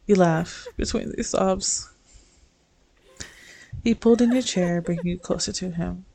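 A woman reading her own second-person fanfic aloud in a soft, unhurried storytelling manner. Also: on the low side, gravelly, faint music behind, rough recording. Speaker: fanfic reader.

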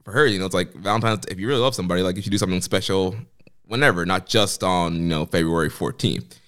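A man chatting casually on a podcast, talking in a relaxed, measured way. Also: sits low.

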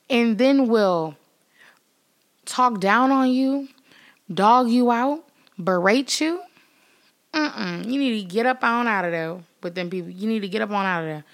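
A woman talks straight to her viewers in a motivational vlog, her voice pitched in a middle range for a woman. She leans on repeated words for emphasis. She acts out the voices of the people she quotes and laughs now and then. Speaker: vlogger. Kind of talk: motivational vlog talk to camera.

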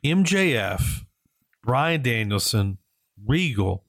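A man's voice: medium pitch, sing-song, slow pace, a bit bright, no echo. A man with a mid-range voice co-hosts a casual podcast, speaking with eager, emphatic enthusiasm. The recording is dry and close to the mic. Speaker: podcast co-host. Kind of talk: casual wrestling chat.

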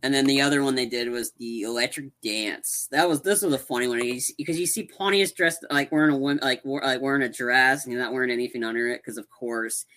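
Man, podcast co-host, bright tone, rambling animated retelling, casual chat. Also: mid-range voice, brisk, hardly any pauses. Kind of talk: casual chat recapping a movie.

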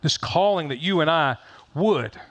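A man's voice: a little high, animated, a little slow, a bit bright. A middle-aged man pastor giving a conversational sermon, folksy and joking, repeating phrases for emphasis.

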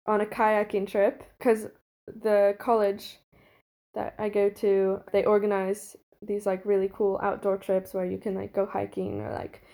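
Her voice is mid-range and mellow with some vocal fry, delivered flatly at a measured pace. She's a twenty-something podcast guest casually recounting something from her own life, full of "like" fillers and frequent laughter.

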